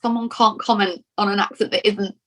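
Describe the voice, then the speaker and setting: An English actress from Lincoln chats through an interview at an ordinary, middling pitch. She talks in quick bursts, restarting and repeating words as her thoughts catch up. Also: fairly even intonation, fairly bright tone. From Lincoln, England. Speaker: actor being interviewed. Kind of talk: casual interview chat.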